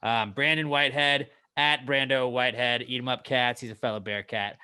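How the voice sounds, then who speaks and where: A man co-hosting a comedy podcast, talking loudly and joking around. He swears freely and keeps breaking into silly put-on accents between his ordinary remarks. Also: mid-range voice, fairly even intonation, moderate pace, clean tone. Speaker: podcast co-host. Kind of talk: casual comedic chat.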